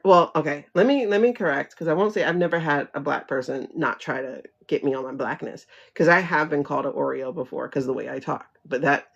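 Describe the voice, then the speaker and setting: A woman hosts a casual livestream chat, talking frankly and animatedly, swearing, laughing often, and reading viewer comments aloud to answer them. Her low voice is fairly quick with vocal fry and few pauses, over dull lo-fi livestream audio.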